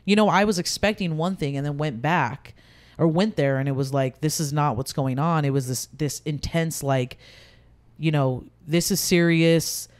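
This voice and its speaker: A woman's voice: deep voice, darkish tone. A woman in her thirties, a podcast guest, telling a personal story candidly in casual conversation, with many fillers. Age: 30s.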